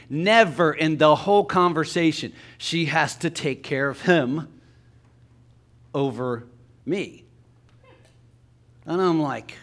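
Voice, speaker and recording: A man with a Southern Ohio accent preaching a sermon in a church, telling a personal story and swinging from soft asides to loud emphasis. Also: on the high side, animated, unhurried, long pauses. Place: church sanctuary.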